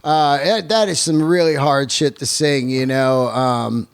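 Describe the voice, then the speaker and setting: A man's voice: mid-range voice, a little slow, vocal fry, clean tone. A man hosting a podcast, talking in a loose, rambling, profane casual way. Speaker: podcast host. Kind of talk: casual chat.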